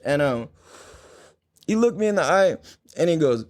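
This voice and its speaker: A young man with a slightly high voice tells stories in an animated, profane rush, full of filler words. His pitch swings widely when he acts out what others said. The sound is close and dry, with no room echo. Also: moderate pace, long pauses. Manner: profane, animated storytelling with many "like"s. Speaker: podcast host. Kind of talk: casual chat.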